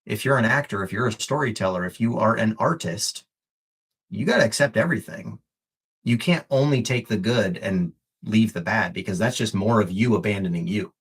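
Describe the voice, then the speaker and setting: A man's voice: fairly low pitch, moderate pace, breathy edge. A man coaching on a live stream, earnest and encouraging, repeating phrases for emphasis and swearing casually, emotional and close to tears. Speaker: fitness and life coach.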